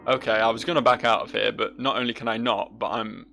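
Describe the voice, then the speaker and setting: A man's voice: on the low side, steady tone, quick pace, creaky, sharp tone, faint music behind. A man casually commenting on a game as he plays, rambling, self-mocking and swearing freely. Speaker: let's play host.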